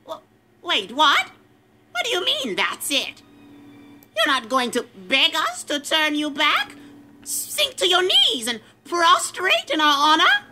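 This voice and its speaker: A woman's voice: mid-range voice, wildly swooping pitch, slow pace, background noise. A woman voicing a proud, silver-haired elder witch and blood sorceress who speaks in a theatrical, melodic way. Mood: indignant. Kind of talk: audio drama acting.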